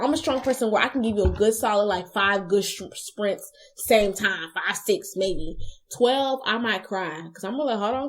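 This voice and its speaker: A young woman co-hosting a casual chat show, talking in an animated way and acting out little voices as she tells stories. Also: fairly high pitch. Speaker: co-host.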